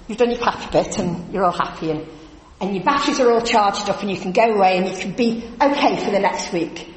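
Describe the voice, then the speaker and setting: A woman preaching in a chatty, animated storytelling way in a church. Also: mid-range voice. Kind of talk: lively church talk. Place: church hall. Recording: echoey church hall from a distance.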